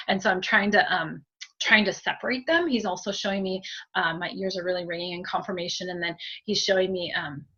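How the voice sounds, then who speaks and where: A woman medium talks through a group reading in a gentle, chatty way, often pausing to say thank you. She speaks at a middling pitch. The sound is somewhat dull, as from a lo-fi recording. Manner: gentle, chatty, many fillers and thank-yous, soft laughs. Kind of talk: spiritual reading, conversational.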